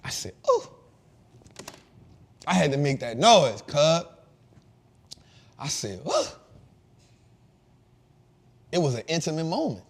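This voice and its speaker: Male host, 30s, casual storyteller, raised pitch, very lively delivery. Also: normal speed, long pauses, breathy edge. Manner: animated, slangy, shifts from loud to hushed.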